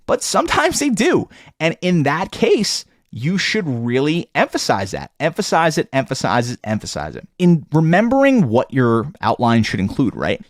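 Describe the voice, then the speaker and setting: A man's voice: medium pitch, no room sound, clean studio sound. A man heading a law school tutoring company, giving blunt, emphatic study advice in a vlog and repeating his key points.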